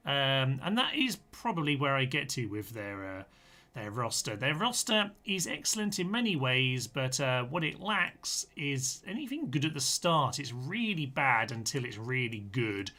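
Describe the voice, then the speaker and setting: A man's voice: medium pitch, sing-song, a little slow, sharp tone. A man commenting on a live-streamed strategy game, chatty and full of ums as he reads out and answers viewers' chat comments.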